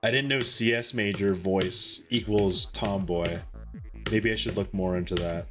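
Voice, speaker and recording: A man's voice: sits low, a little slow, music in the background. A young man streaming a game and defensively joking back at his chat. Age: young adult. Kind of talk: casual live-stream chat.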